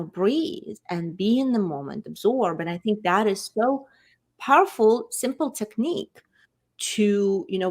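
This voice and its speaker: A woman's voice: mid-range voice, a bit bright. Enthusiastic woman hosting an interview. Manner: enthusiastic, affirming, with many fillers. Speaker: podcast host. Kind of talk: interview conversation.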